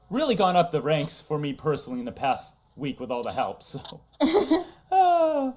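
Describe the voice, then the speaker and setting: A man's voice: mid-range voice, darkish tone. A man hosting a casual livestream chat, talking loosely, laughing often and reading chat messages aloud. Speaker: streamer host.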